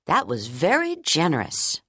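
A woman voicing a kind, patient schoolteacher in an audiobook, speaking gently and reassuringly. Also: low-pitched, wildly swooping pitch, measured pace, breathy edge, dry recording, studio quality, exaggerated voice. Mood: gentle. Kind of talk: audiobook character reading.

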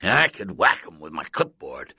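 A man voicing a loud, gruff middle-aged gym coach who barks orders in a read-aloud story. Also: low voice, huge pitch swings, moderate pace, no echo, studio quality, heavily acted. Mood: explaining. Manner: barking, shouting orders. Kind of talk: storybook character voice.

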